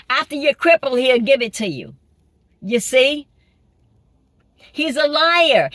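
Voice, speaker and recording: Slow, high-voiced woman preaching. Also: fairly bright tone, dry recording. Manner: emphatic, repeats phrases, rhetorical questions. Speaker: spiritual preacher. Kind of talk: informal spiritual sermon.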